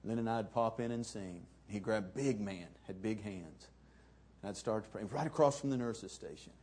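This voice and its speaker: A middle-aged pastor with a drawl preaches in a folksy, conversational manner, spinning stories for his congregation. His voice is mellow and warm, with a husky edge. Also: on the low side, normal speed. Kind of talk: sermon with folksy storytelling.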